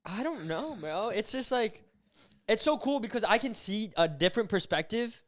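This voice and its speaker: A young man co-hosting a podcast, telling rambling stories in a loose, animated way with lots of fillers. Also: high-pitched, moderate pace. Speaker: podcast co-host. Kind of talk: casual chat.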